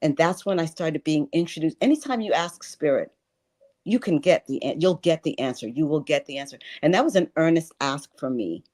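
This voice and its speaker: A woman in her sixties with a notably low voice talks earnestly as an interview guest. She speaks with conviction and repeats key phrases for emphasis. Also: lively intonation, moderate pace, darkish tone. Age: 60s. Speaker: guest, life and wealth coach. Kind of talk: spiritual interview talk.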